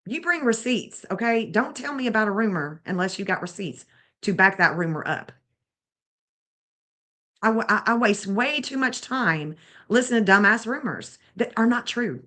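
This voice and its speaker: A woman's voice: mid-range voice, expressive, normal speed, sharp tone. A woman, bluntly and indignantly scolding as she comments on a livestream. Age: 50s. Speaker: true crime streamer.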